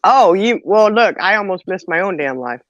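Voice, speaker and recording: Expressive and medium-pitched at a normal speed, this woman hosts a live chat show, chatting casually and telling stories punctuated by lots of laughter. Crowd noise is present, and the recording has a dull, lo-fi, dry quality.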